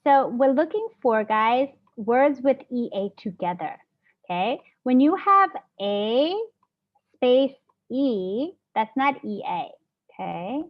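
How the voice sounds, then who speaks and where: A woman's voice: on the high side, lively intonation, takes it slowly. A woman teacher leading a phonics lesson, patiently sounding out words and praising her students. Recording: dull lo-fi classroom audio.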